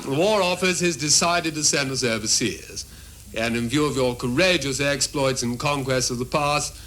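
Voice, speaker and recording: A man's voice: medium pitch, moderate pace, pushed and bright, slight background noise, lightly acted. A man playing a plummy, pompous army commander. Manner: plummy upper-class, hesitant. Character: pompous posh male army battalion commander. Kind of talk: comedy sketch acting.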